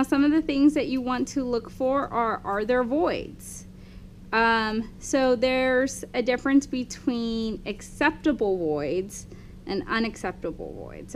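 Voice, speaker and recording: Lady walking students through a dental lab demo, keeps saying okay, bit of a hum. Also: a little high. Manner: explanatory, often checks in with "okay?". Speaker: dental instructor. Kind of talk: hands-on lab demonstration.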